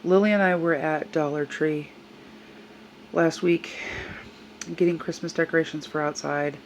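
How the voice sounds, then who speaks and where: A woman's voice: low-pitched, steady tone, unhurried, lo-fi sound, a little hiss or hum. Older woman earnestly retelling an upsetting event. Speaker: service dog handler. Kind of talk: personal storytime vlog.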